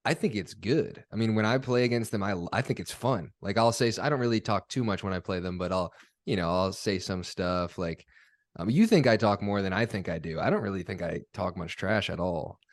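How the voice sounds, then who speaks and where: Young man, podcast host, low voice, dry close sound, casual rambling chat. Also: a little fast, no echo. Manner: relaxed, rambling, self-deprecating.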